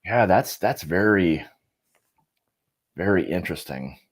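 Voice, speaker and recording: A man's voice: low voice, lively intonation, slow. A man co-hosting a casual bourbon tasting, thoughtful and hesitant as he describes flavors. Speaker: podcast co-host.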